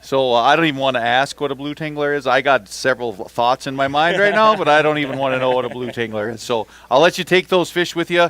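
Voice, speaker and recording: A man at mid pitch runs a fishing tournament weigh-in. He calls out weights and banters with the anglers in a joking, upbeat way. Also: fast talker, few pauses, a bit bright. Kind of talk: live announcing and bantering with anglers.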